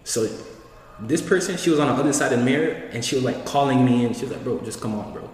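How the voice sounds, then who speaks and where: This young man has a darkish, mid-range voice and talks fast, wandering through a story in casual slang while performing the quoted lines. Faint hiss and echo come from a distant mic in the room.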